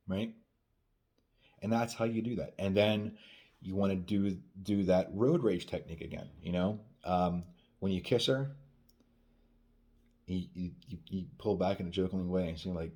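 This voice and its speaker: A man's voice: sits low, normal speed, mellow. A man working as a dating coach, talking casually into the camera and acting out quoted dialogue, often asking "right?". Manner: repeats "right?" often, acts out quoted lines. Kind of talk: casual advice monologue.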